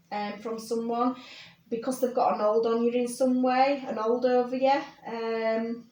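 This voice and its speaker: A woman giving a personal tarot reading, talking gently and reassuringly with many fillers and check-ins. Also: on the high side, reverberant. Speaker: tarot reader.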